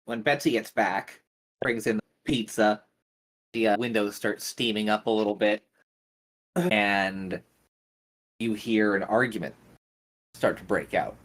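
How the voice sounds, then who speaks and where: A man narrating as game master in a tabletop role-playing game, describing scenes slowly and deliberately. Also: lowish voice, a bit bright. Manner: slow, deliberate storytelling.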